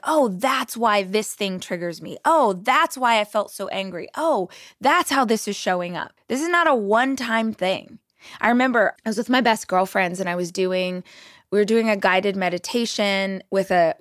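A woman's voice: medium pitch, no room sound, studio quality. A woman hosting a motivational podcast, talking directly and encouragingly to her listener. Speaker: podcast host.

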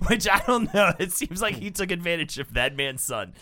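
A man's voice: high-pitched, moderate pace. A man co-hosting a podcast, chatting casually with dry jokes and reading quotes aloud. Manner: lively, wry, reads quotes aloud. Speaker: podcast co-host. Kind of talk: casual comedic chat.

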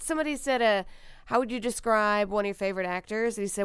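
A woman's voice: mid-range voice, animated, fairly bright tone, clear, resonant tone, no room sound, studio quality. A woman from Louisiana co-hosting a podcast, chatting casually and tossing in wry jokes. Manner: wry, quick to joke and laugh. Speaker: podcast host. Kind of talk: casual comedic chat.

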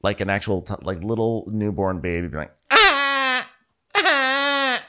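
A man's voice: low-pitched, quick pace, smooth. A man co-hosting a podcast, chatting casually over a video call, laughing often and acting out scenes. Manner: animated, laughs a lot, acts out cast members. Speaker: podcast co-host. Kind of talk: casual recap chat. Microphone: remote video call.

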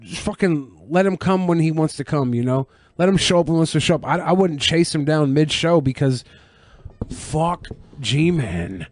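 A male co-host banters sarcastically on a podcast. His voice sits a little high for a man. The sound is dry and close, with no room around it. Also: expressive, moderate pace, darkish tone, no echo. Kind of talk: casual podcast chat.

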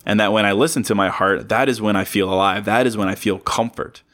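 A man speaks alone on his podcast in a fairly low voice, gently motivational and earnest. He circles back over his points, repeating words for emphasis. Now and then he breaks the sincerity with a quick self-aware joke. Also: fairly even intonation. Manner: earnest, repetitive, joking asides. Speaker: podcast host. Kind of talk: casual motivational monologue.

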